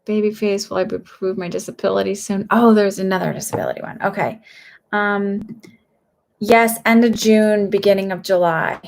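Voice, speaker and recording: A woman psychic medium doing readings on a live stream. She reads each viewer's question aloud and then answers in a loose, rambling way, full of "um"s and restarts. Her voice has a gravelly, fried edge, at a middle pitch. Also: fairly even intonation, moderate pace. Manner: rambling and hesitant, with many fillers.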